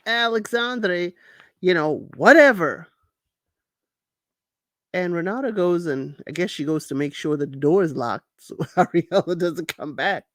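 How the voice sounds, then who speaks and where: A woman hosting a casual reality show recap, animated and laughing often, acting out quotes in high voices. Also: no echo, clean studio sound.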